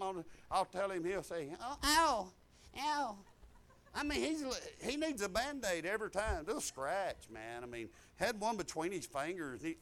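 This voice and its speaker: High-voiced preacher, swinging loud to hushed. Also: male voice. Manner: swings from shouted declarations to low, confiding asides. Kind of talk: testimony sermon.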